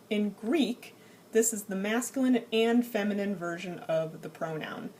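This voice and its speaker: A woman teaching Greek grammar in a recorded lecture over slides, explaining patiently and slowing down to spell out each form. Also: mid-range voice, a little mellow, a little hiss or hum. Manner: clear, patient explaining, slows to spell out forms.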